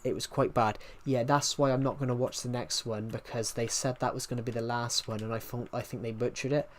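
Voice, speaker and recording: A man's voice: medium pitch, steady tone, fairly quick, a little hiss or hum. Rambling young British man streaming. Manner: rambling, many restarts, answers viewer chat. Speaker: livestreamer. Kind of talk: casual stream chat.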